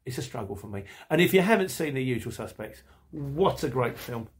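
A man's voice: mid-range voice, expressive, a little fast. A middle-aged man hosting a podcast, chatting casually and rambling while he reads out listener messages, laughing often. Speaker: podcast host.

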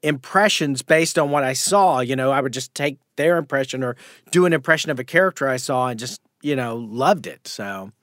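Dry-sounding man telling animated stories. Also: medium pitch, normal speed, no echo. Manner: animated storyteller who slips into impressions. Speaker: guest impressionist. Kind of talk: casual podcast chat.

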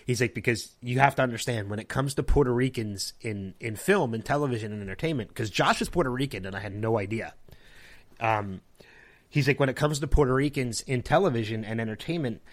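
A man chatting casually on his podcast, spinning a long anecdote. He slips into other people's voices as he goes, and his pitch sits in the middle. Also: brisk. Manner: animated anecdote-telling, acting out others' lines. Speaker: podcast host. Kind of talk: casual storytelling chat.

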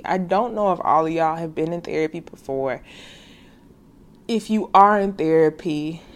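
Young woman, faith podcast host, earnest and casual direct address. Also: fairly low pitch. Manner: earnest, heartfelt, calls listeners sis; casual slangy speech.

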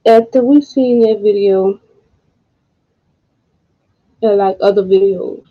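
A woman hosting a podcast, speaking in a casual monologue, emotional and frustrated, with slow deliberate pauses. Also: mid-range voice. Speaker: podcast host. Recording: dull lo-fi audio.

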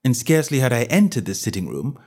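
A man's voice: mid-range voice, big pitch swings, fast, darkish tone, husky. A man reading a comic novel aloud in the first person, with a playful, mock-grand storytelling manner. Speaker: audiobook narrator. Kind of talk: scripted narration of a comic novel.

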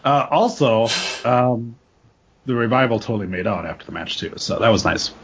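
A man with a slightly husky voice chats loosely on a podcast, crude jokes and easy laughter in his talk. The audio is dull and lo-fi. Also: medium pitch, animated, normal speed. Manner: joking, crude, laughs often. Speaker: podcast co-host. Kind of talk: casual wrestling podcast chat.

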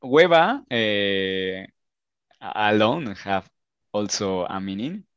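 Slow, low-voiced man, dull dry sound. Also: expressive, a bit bright, smooth, no echo. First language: Spanish. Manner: hesitant, many fillers. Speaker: guest. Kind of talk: casual chat.

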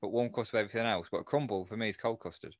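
A man's voice: on the low side, racing, no room sound, clean studio sound. Hesitant man in a chat. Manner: hesitant, stumbles over words. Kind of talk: casual chat.

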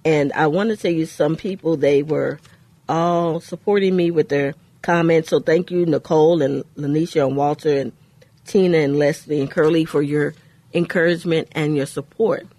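A woman co-hosting a faith-based radio talk show, telling a personal story in an earnest way with pauses. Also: low voice, fairly even intonation, mellow, dry recording.

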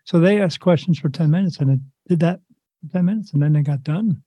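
A man's voice: fairly high pitch, a little fast, breathy edge, no room sound. A man as an interview guest, telling a long personal story in a loose, rambling way, acting out what others said and adding sound effects. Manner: animated, rambling retelling with quoted dialogue and sound effects. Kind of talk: casual storytelling.

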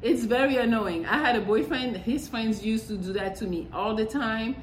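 Young woman host, higher voice, blunt and swearing, echoey room with faint background hum. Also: moderate pace. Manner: blunt, profane, exasperated. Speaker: podcast host. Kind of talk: casual monologue.

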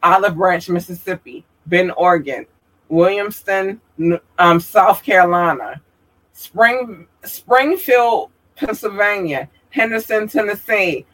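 A man reading out viewers' hometowns one by one, halting with fillers and apologizing for mispronouncing names. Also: high voice, fairly bright tone, rough recording. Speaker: streamer giving shout-outs.

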